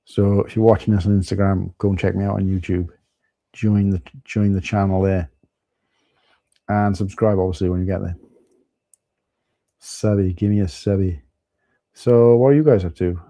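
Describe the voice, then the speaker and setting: A man with a Welsh accent runs a casual live stream from home, chatting loosely and greeting viewers by name. His voice sits low and warm, with fairly even intonation and a fairly quick pace, in a dry recording.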